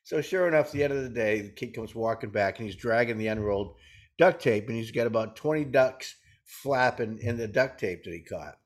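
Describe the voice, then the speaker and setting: A man's voice: medium pitch, expressive, brisk. A man co-hosting a comedy talk, telling folksy jokes and laughing at his own punchlines. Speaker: co-host. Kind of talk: joke-telling banter.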